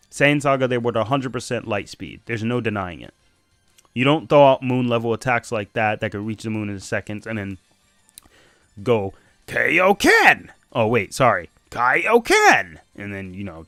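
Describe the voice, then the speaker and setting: A man streams and chats casually, breaking into laughter often. His pitch swings lively up and down. The sound is dry and close, with faint music underneath. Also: no room sound. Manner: animated, chatty, laughs often. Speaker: streamer reading and analysing manga. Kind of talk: casual live-stream chat.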